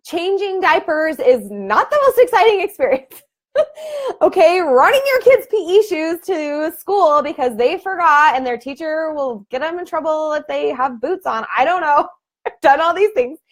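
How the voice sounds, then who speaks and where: Thirties woman coach, casual chatty delivery, frequent laughs, higher voice, webcam sound. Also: normal speed. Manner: chatty, laughs often, animated bursts. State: emotional. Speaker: fitness team coach. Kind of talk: live video team call.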